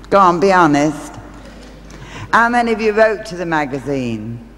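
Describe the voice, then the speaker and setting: A woman's voice: lowish voice, animated, normal speed, a little hiss or hum. A woman speaking as a stage medium, telling homely stories to a live audience with chatty asides. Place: large theatre hall. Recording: reverberant live hall, faint ambience.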